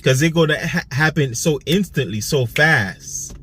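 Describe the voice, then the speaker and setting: This young Saint Croix man, from the US Virgin Islands and speaking with an Antiguan accent, has a fairly high, animated voice with a sharp tone and a measured pace, with a little hiss or hum in the audio. A vlogger who also drives food delivery, he chats casually on a self-filmed vlog, rambling, repeating himself, and laughing between thoughts.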